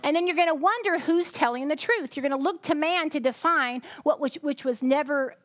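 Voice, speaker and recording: A woman's voice: high-pitched, fairly quick, no room sound, studio quality. A tired woman preaching a chatty sermon, often breaking off to ask the congregation questions. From United States. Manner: chatty, self-interrupting, asks the congregation questions. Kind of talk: conversational sermon.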